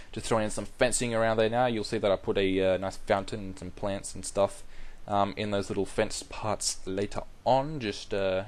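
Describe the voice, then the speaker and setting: Rambling young man, low-pitched. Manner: rambling and self-deprecating, many ums and restarts. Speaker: YouTuber narrating a game build. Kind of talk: casual voice-over commentary over gameplay.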